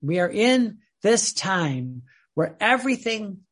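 A man's voice: high-pitched, sing-song, takes it slowly, fairly bright tone. A man giving an earnest religious teaching, often repeating and restarting his words. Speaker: preacher.

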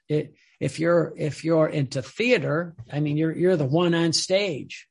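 A man delivers an impassioned sermon in a high, gravelly voice with a husky edge. He swings between loud emphatic phrases and hushed drops, often repeating words as he presses his point. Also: a little slow, hardly any pauses. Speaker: preacher.

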